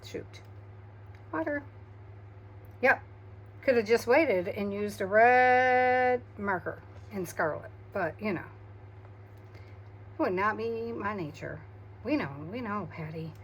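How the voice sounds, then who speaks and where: A woman, tired after a migraine, chatting softly to herself while she crafts, humming and murmuring as she works. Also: medium pitch, takes it slowly, long pauses, husky, lo-fi sound. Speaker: craft video host.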